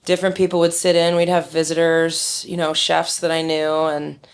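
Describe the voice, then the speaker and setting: A candid middle-aged woman with a slightly low voice, sharing her experience in a relaxed interview. She tells stories openly and slips into other people's lines as she goes. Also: moderate pace, clear, resonant tone. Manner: candid, storytelling, acts out quoted dialogue. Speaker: winemaker guest. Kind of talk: conversational interview.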